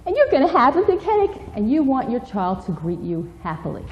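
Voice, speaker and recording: A woman lectures young people on respect for parents, in an animated, instructive way. Her voice is fairly high and very lively, with a mellow tone. A long hall reverb trails behind her. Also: brisk, lo-fi sound, slight background noise. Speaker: parenting speaker. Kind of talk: lecture with role-play.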